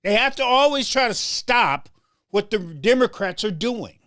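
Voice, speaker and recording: A man's voice: sits high, expressive, unhurried, bright, forceful tone, dry recording, studio quality. A man hosting a political talk show, delivering a heated commentary monologue with stammered restarts and a preacher-like rhythm. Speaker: show host.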